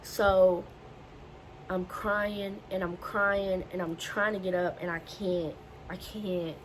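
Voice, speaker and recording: A woman's voice: fairly low pitch, little pitch movement, slow pace, poor audio. Young woman vlogger, emotional personal storytelling, faint background noise. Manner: emotional, repetitive retelling. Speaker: beauty vlogger telling her story.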